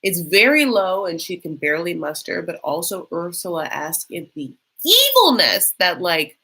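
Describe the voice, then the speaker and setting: A woman's voice: lowish voice, very animated, normal speed, sharp tone, husky. A woman hosting a live stream, reacting to a reality show in a chatty, sarcastic, theatrical way. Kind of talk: casual live reaction chat.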